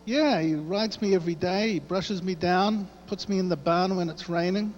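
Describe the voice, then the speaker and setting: A man voicing a laid-back talking farm horse in a joke, relaxed and matter-of-fact. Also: high-pitched, moderate pace, slight background noise, natural voice. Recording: echoey hall, dull sound.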